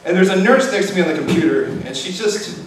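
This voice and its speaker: Young man doing deadpan stand-up. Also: high voice, quick pace. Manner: deadpan, self-deprecating. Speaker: stand-up comedian. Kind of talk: stand-up routine. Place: open mic in a restaurant bar. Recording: echoey room, distant mic, background noise.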